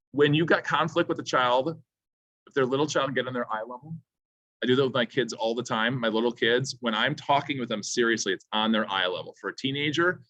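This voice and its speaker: A man's voice: mid-range voice, a bit bright, no room sound. A man who teaches teens, speaking to parents at a school seminar in an earnest, pleading, advice-giving way. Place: school room. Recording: dull lo-fi sound, dry.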